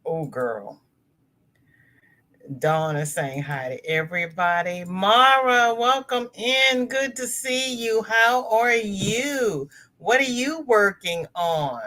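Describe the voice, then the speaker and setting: A woman hosts a relaxed crochet livestream from her laptop, greeting viewers by name and reading their comments aloud. She calls them girl, honey and darling in a medium-pitched voice that is slow, pushed and bright.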